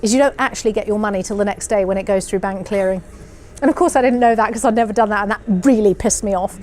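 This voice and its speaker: A woman's voice: mid-range voice, fairly even intonation, quick pace, a little mellow, slight background noise. A businesswoman telling her own story in an interview, frank and self-mocking, with plenty of restarts. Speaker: entrepreneur guest.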